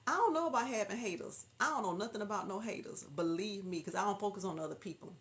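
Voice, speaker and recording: A woman's voice: medium pitch, fast. Chatty woman with a Southern drawl. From Houston, Texas. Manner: chatty, laughing, reads viewer comments aloud. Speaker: livestream host. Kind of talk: casual livestream chat.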